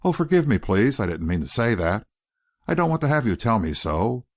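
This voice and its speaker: A man reading an audiobook voices a nervous, guarded young woman who speaks quickly and anxiously. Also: medium pitch, big pitch swings.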